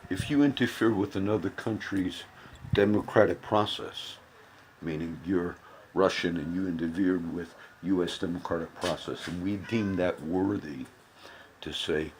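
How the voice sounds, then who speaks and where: A man with a low, deep voice talks through politics in a casual self-recorded video. He rambles, circles back, and repeats phrases to drive a point home. A faint hum of background noise sits under him. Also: normal speed. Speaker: political commentator. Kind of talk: casual political commentary vlog.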